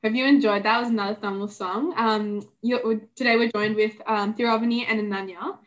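A woman's voice: fairly high pitch, steady tone, fairly quick, poor audio. A woman from Australia, hosting a casual podcast chat in a chatty, upbeat way. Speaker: host.

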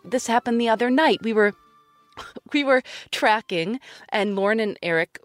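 A woman's voice: fairly high pitch, moderate pace, dry recording, faint music behind. A woman expressively telling a funny anecdote about recording, exasperated and laughing. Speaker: podcast host, interviewee. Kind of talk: storytelling anecdote.

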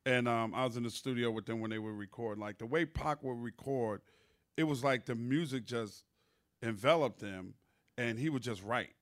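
A man hosting a podcast, telling studio stories in a loose, animated, profane way. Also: mid-range voice, normal speed. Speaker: podcast host. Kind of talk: casual storytelling chat.

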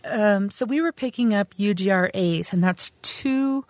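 A woman's voice: medium pitch, measured pace, a little mellow, no room sound. Earnest woman veteran telling her story. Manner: earnest, conversational, with frequent restarts and fillers. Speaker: army veteran recounting service. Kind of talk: personal oral history storytelling.

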